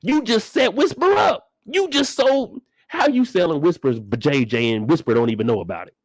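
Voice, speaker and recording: High-voiced young guy going off about a tv show, swoops all over, cussing a lot. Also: moderate pace, no echo. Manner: loud, animated, profane ranting with big pitch swings. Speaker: channel host reacting to a TV episode. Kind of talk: casual reaction commentary.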